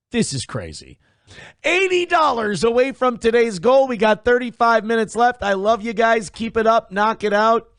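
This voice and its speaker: A high-pitched man hosts a casual livestream and reads out donations to his viewers. He swings between hyped, loud bursts and low, muttered asides. The sound is dry and close, with no room around it. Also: dry recording. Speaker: livestream host.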